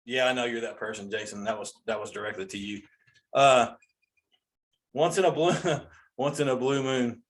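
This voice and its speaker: A man's voice: medium pitch, normal speed. A forty-three-year-old male comedian ranting in an exasperated, incredulous way about common sayings. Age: 40s. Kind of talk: comedic rant.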